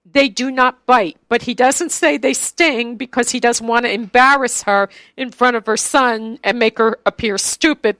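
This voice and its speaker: A woman's voice: on the high side, fairly bright tone, dry recording. A woman interviewing guests, chatty, and telling stories in a casual conversation. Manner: chatty storyteller.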